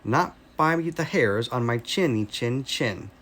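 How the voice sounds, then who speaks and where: A man's voice: medium pitch, lively intonation, slow pace, fairly bright tone. A man with an American accent voicing a carefree, playful little male pig in a storybook, in a bouncy raised voice.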